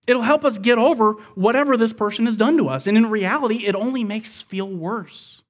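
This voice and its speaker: A man with a fairly high voice delivers an expository sermon. He explains each verse step by step and lets his voice sink to a hush at the end of his points. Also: fairly quick. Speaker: pastor.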